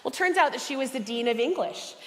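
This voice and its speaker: A woman speaker and cookbook author telling personal stories to a conference audience, lively and acting out the voices of people she quotes. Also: sits high, a little fast. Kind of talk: personal motivational talk to an audience. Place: large conference hall. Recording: long reverb of a large hall.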